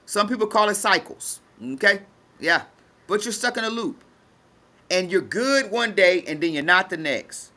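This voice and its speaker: A woman's voice: mid-range voice, pushed and bright. A woman teaching a spiritual message to an audience, emphatic and colloquial, repeating phrases for effect. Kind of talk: preaching to an audience.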